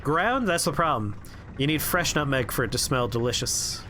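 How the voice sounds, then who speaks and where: A man streaming a game, rambling through profane, relaxed anecdotes as he plays. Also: medium pitch, normal speed, a little hiss or hum. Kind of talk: casual gameplay commentary and storytelling.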